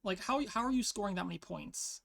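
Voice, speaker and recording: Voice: mid-range voice, animated, a little fast, creaky, a bit bright. A player thinking aloud in casual commentary over their own online card game match, peppering speech with "like". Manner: thinks aloud, frequent "like" fillers.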